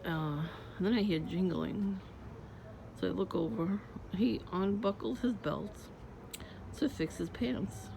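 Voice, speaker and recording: A woman's voice: medium pitch, takes it slowly, vocal fry. A woman vlogger telling stories in a blunt, irritated, profane casual rant. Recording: muffled lo-fi with loud background noise.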